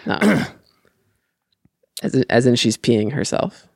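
A man co-hosting a fan podcast in casual chat, delivering crude jokes deadpan and often laughing. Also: mid-range voice, slow pace, vocal fry, no room sound, clean studio sound. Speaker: podcast co-host.

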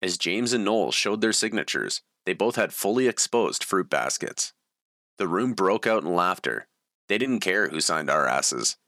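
A man's voice: low-pitched, big pitch swings, normal speed, pushed and bright, no echo, clean studio sound. A man reading his own story aloud in a plain, matter-of-fact way. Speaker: memoir reader.

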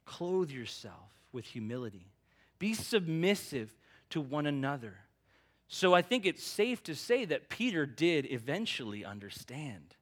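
A man's voice: on the high side, sing-song, measured pace. A male pastor preaching a sermon in an earnest, emphatic, conversational way.

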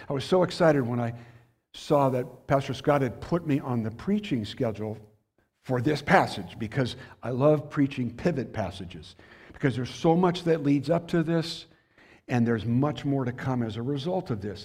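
A man's voice: mid-range voice, darkish tone, husky. A man preaching an earnest expository sermon, asking the congregation rhetorical questions as he works through a passage.

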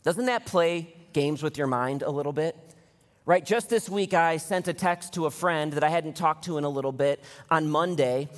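A man in his thirties preaching a sermon, telling stories in an animated way and acting out the people he quotes. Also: a little high, moderate pace. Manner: animated storytelling, acts out quoted voices. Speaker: pastor. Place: large church hall. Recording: long hall reverb.

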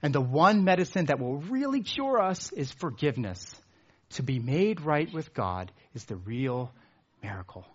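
Husky-voiced man preaching a sermon. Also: very animated, measured pace, lo-fi sound. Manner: earnest, builds up then drops low for emphasis. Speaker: pastor.

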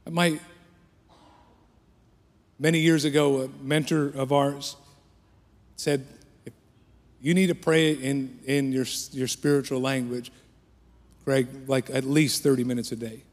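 A pastor preaching a sermon with passion, his voice rising for prayers and dropping low for quiet points. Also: fairly even intonation, measured pace, pauses often. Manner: impassioned preaching that swells then drops to a hush. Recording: long hall reverb.

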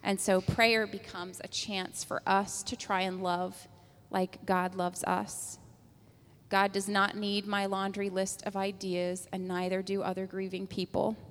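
A woman giving a calm, reflective talk on prayer at a church service. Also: mid-range voice, measured pace. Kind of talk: reflective sermon reading. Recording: long echo of a hall.

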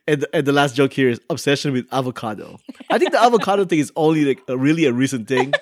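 A man's voice: mid-range voice, expressive, no room sound. Chuckling man reading aloud, dry mic. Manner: halting, many restarts and chuckles. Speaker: podcast host. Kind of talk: casual chat, reading online answers aloud.

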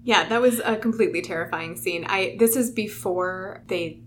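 A woman co-hosting a casual book discussion podcast, expressive as she retells scenes. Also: mid-range voice, moderate pace, a little hiss or hum. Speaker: podcast co-host.

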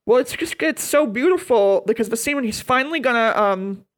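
A woman's voice: on the high side, lively intonation, brisk. A woman co-hosting a podcast, gushing and playful in casual conversation. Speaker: podcast co-host. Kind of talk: casual chat.

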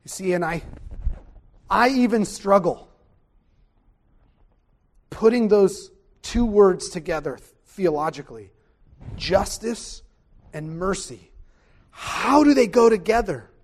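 A man preaching a sermon, animated, swinging from loud exclamations to hushed tones. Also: high-pitched, takes it slowly, long pauses.

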